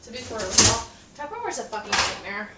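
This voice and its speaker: A woman's voice: mid-range voice, big pitch swings, fairly quick, heavy background noise. A young woman streaming from her kitchen, telling a story in a blunt, nonchalant way and swearing freely while she does the dishes. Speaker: livestreamer. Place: home kitchen. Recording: roomy kitchen, far from mic, clattering dishes. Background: dishes and pots clattering.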